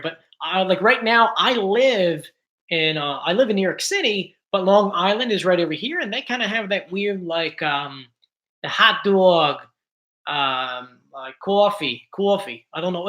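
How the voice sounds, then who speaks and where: A man's voice: high-pitched, animated, a little slow, sharp tone. A man from South Jersey hosting a casual livestream, reading viewer comments and answering in a chatty, rambling way full of likes and ums. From South Jersey, USA. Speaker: YouTube show host.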